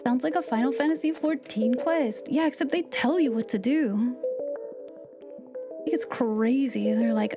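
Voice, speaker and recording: A woman streaming a game live, chatting playfully with viewers and slipping into soft whispered asides. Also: high voice, normal speed. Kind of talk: casual live-stream chat. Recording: game music playing behind the voice.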